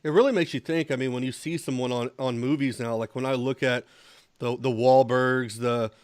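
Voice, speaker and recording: A man's voice: mid-range voice, fairly even intonation, normal speed, darkish tone, smooth. A man with a mid-range voice hosts an interview, chatting casually and rambling through a story with plenty of fillers. The sound is dry and close, with no room echo. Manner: conversational and rambling, many fillers. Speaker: show host, interviewer. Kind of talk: casual interview, anecdote telling.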